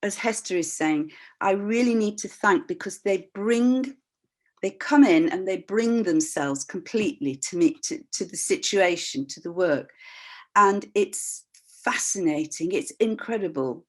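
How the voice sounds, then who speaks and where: A woman's voice: mid-range voice, a little slow. An older woman, a voice practitioner and workshop leader, sharing a candid, reflective personal story over a video call. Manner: expressive, acts out voices in her stories; candid, reflective, with frequent restarts.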